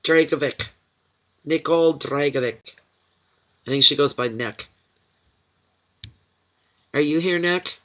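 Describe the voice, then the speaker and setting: On a live stream, a man with a cold-induced runny nose rambles emotionally through a chatty card reading. His voice is on the high side, bright and forceful, and he speaks slowly with long pauses, all over dull lo-fi stream audio.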